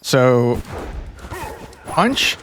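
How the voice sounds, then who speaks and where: A man doing let's-play commentary on a martial arts game, barking quick moves and mock-insulting his own character. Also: mid-range voice, big pitch swings, a bit bright, slight background noise. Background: game music.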